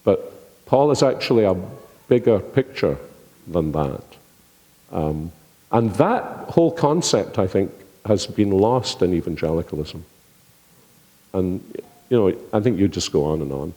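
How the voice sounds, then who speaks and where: A man's voice: low voice, expressive, a little slow, warm tone. A Scottish man speaking thoughtfully on a theology panel, with a dry sense of humor. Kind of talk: panel discussion. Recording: long hall reverb.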